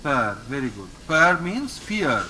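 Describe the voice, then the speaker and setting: Bright, lively man teaching French. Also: fairly high pitch, slight background noise, low-quality recording. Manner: patient, repeats words slowly and praises often. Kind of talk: online language lesson with a student.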